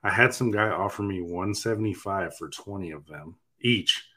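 A man with a low, steady voice chats casually as a podcast co-host. He tells stories by quoting himself and his wife, jumping up in pitch for the acted-out lines. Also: moderate pace. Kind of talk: casual chat.

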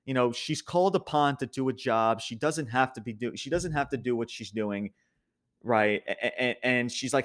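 A man's voice: mid-range voice, moderate pace, a bit bright. A young man casually recapping a wrestling show as a podcast host, rambling with many restarts and frequent laughs.

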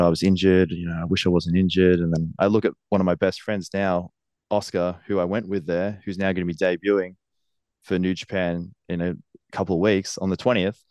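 A man with a very low voice talks earnestly about his wrestling career. He laughs often as he talks. The recording is dry and close. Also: a little mellow, clean tone, dry recording. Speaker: professional wrestler, guest. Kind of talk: casual interview.

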